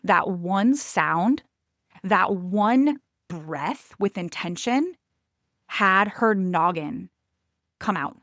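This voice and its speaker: A woman's voice: mid-range voice, expressive, very slow, pauses often, fairly bright tone, no room sound. Emphatic woman podcast host, dry sound. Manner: emphatic and confiding, addresses listeners as fam. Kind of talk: personal storytelling monologue.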